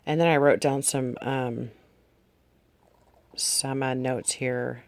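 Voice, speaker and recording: Speaking right to the audience, a vlog host meanders through dreams and visions recorded in a notebook, correcting themselves as they read in a casual, testimonial way. Their medium-pitched voice keeps a steady tone at a slow pace.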